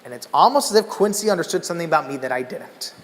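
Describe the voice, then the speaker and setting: A man from Los Angeles telling an animated story in a keynote talk, acting out the people in it. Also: a little high, rapid-fire. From Los Angeles, USA. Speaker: keynote speaker. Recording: echoey conference hall.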